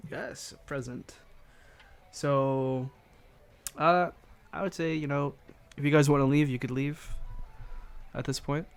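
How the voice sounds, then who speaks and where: A man narrating a tabletop game as game master, halting and correcting himself as he goes. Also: fairly high pitch, steady tone, smooth.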